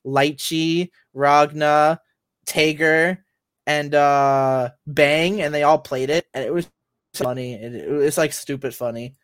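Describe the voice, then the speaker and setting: Podcast co-host, male, a bit high-voiced, rambly and full of fillers, dry close mic. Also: steady tone, takes it slowly, a bit bright, clear, resonant tone, dry recording. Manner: rambling, many fillers and restarts. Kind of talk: casual chat about games and anime.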